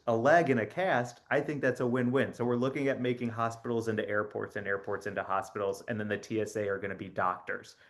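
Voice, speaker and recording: A man playing a chipper, rambling spokesman for a spy agency in a satirical comedy monologue, offhand and deadpan with many fillers. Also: mid-range voice, natural voice.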